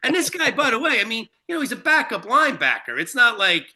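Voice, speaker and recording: A man's voice: very high-pitched, sing-song, fast talker, pushed and bright. A man telling a long, profane anecdote in casual chat, full of fillers and restarts. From Shelter Island, New York. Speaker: guest storyteller. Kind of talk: casual storytelling.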